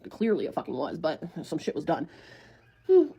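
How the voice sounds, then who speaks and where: A woman's voice: deep voice, huge pitch swings, normal speed, dark tone, slightly rough. A woman in her twenties telling a storytime to viewers in a casual, blunt way, swearing freely and talking like a friend.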